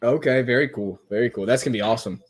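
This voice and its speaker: A man's voice: medium pitch, rapid-fire. Casual young male podcast host. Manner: laughing storyteller retelling comedy clips. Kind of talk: casual chat.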